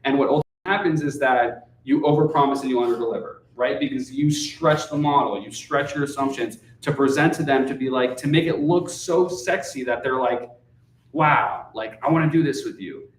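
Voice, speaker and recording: Male guest speaker, mid-pitched, chatty and loose, with a habit of asking "right?", recorded off-mic in a reverberant room. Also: a little fast, few pauses, a little hiss or hum. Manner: swears casually. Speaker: guest speaker, real estate investor. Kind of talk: casual talk at a meetup. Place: meetup room. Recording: echoey room, distant mic.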